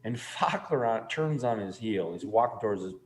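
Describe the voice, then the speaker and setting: A man's voice: fairly low pitch, expressive, normal speed. A man in his fifties telling a long, rambling story in casual chat. He talks emphatically and swears freely. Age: 50s. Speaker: guest.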